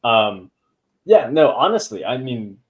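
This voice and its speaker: A man's voice: mid-range voice, big pitch swings, unhurried, highs cut off. A man hosting a podcast in casual chat, rambling with many fillers and throwaway asides. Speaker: podcast host.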